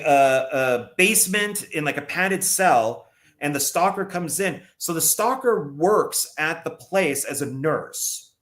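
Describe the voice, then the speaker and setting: A man's voice: a little high, a bit bright. A man on a podcast casually recounting a film plot at length, often stumbling and restarting his sentences. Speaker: podcast co-host. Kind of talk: casual movie review chat.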